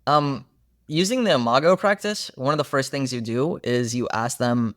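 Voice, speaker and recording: A man's voice: mid-range voice, moderate pace, a bit bright, no room sound, studio quality. A young man in a casual podcast conversation, telling stories earnestly and animatedly, with many fillers. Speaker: therapist guest.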